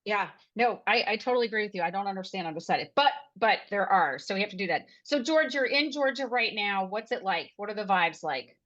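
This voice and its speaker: A woman's voice: mid-range voice, animated, a little fast, hardly any pauses, fairly bright tone, dull audio. A woman hosting an interview on a video call, upbeat and encouraging as she asks questions. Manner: upbeat, laughing along, encouraging. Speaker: podcast host. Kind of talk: interviewing a guest.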